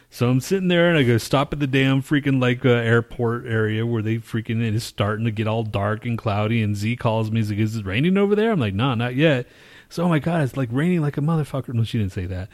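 A man co-hosting a podcast, telling a long story in a casual, profane, rambling way and acting out his own reactions. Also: mid-range voice. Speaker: podcast co-host.

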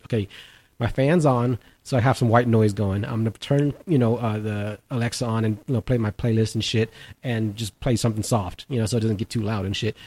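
A man's voice: a little mellow, breathy edge. A man co-hosting a podcast in casual chat, swearing often and laughing through his stories. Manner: swears a lot, laughs through stories, mimics in high pitch. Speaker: podcast co-host.

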